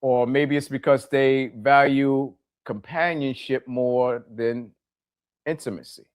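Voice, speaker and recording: A man's voice: medium pitch, fairly even intonation, slow, smooth. A middle-aged man hosting a podcast, talking plainly to his listeners, repeating key phrases for emphasis and asking them direct questions. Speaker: podcast host. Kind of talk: reflective monologue to listeners.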